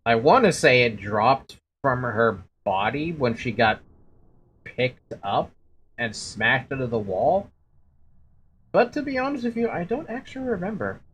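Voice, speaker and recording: A young woman streaming a game, offering sarcastic, profane commentary between lines. Her voice is low but very animated, jumping up and down. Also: slow pace, a little hiss or hum. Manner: sarcastic, swears freely.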